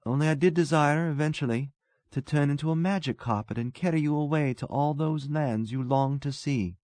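A man's voice: on the high side, moderate pace, a little mellow, no echo, voice pushed up, natural voice. A man doing a musing, self-absorbed young man.

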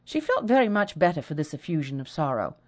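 Expressive low-voiced woman narrator. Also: fast talker. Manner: expressive storytelling. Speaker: audiobook narrator. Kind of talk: scripted narration.

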